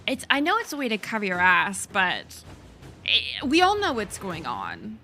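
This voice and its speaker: A woman's voice: mid-range voice, huge pitch swings, normal speed, bright, forceful tone, soft background music. A woman streaming a video game, chatting casually as she thinks aloud, laughing and swearing often. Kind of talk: casual gameplay commentary.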